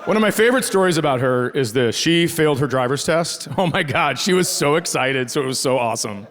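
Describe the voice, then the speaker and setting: A man's voice: on the high side, lively intonation, brisk, noisy background. A middle-aged man from rural Minnesota doing a stand-up comedy set, telling profane, sarcastic stories about his family. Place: comedy stage before a live audience. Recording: live show with loud crowd laughter.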